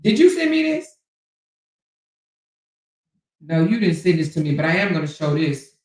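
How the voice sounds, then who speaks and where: A woman's voice: lowish voice, very animated, moderate pace, darkish tone, far from the mic. A woman hosts a livestream, talking bluntly and sassily, swearing freely and calling listeners honey and child. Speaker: livestream host. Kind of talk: casual livestream commentary. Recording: echoey room, off mic.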